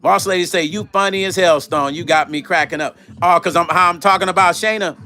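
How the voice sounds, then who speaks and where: A middle-aged man hosting a casual live stream, telling gossipy stories in an animated way, swearing and reading out chat comments. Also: high-pitched, fairly quick, faint music behind. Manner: animated, swearing, acts out quoted voices, talks to chat.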